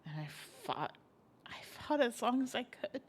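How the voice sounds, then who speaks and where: A woman playing a shaken young woman working through trauma with a therapist in a roleplay, speaking haltingly and emotionally. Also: a little high, very animated, breathy edge. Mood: haunted, halting. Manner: halting, emotional, then sassy and defiant. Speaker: patient in therapy. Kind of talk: GTA roleplay stream acting.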